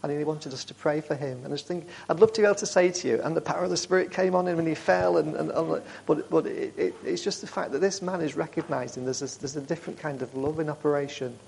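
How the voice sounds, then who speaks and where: A man speaking to a church group, telling warm, rambling stories with frequent restarts. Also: on the high side, steady tone, fast talker, vocal fry, hardly any pauses, slight background noise. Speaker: charity speaker.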